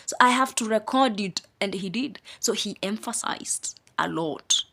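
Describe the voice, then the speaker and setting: A woman's voice: medium pitch, animated, unhurried, vocal fry, hardly any pauses, fairly bright tone. A woman teaching a Bible study. She stresses single words and repeats phrases, with casual asides between the preaching. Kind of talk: spoken scripture teaching.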